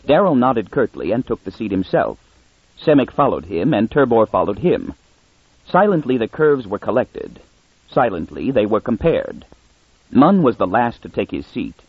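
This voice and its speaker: A man reading an audiobook aloud, measured, shifting his pitch for each character. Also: slightly rough, no echo. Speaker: audiobook narrator. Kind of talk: scripted narration with character voices. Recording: tinny phone-like sound.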